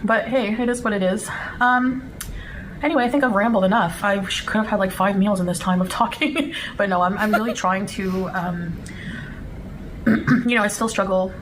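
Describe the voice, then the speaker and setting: A woman's voice: mid-range voice, normal speed. A woman live streamer talking casually and rambling to her chat, with many fillers and restarts. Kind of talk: casual livestream talk. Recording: streamed clip with clear background noise.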